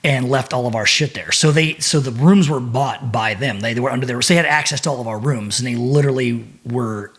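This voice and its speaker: A middle-aged former Navy SEAL, appearing as a podcast guest, tells a story with lots of swearing, repeated words and restarted phrases. His medium-pitched voice moves a little fast with few pauses, and the casual telling stays profane and animated.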